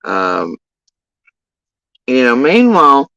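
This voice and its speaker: A man's voice: medium pitch, huge pitch swings, slow, vocal fry, pushed and bright, no echo, rough recording. A man telling a long story in a casual commentary rant, profane, rambling and exasperated.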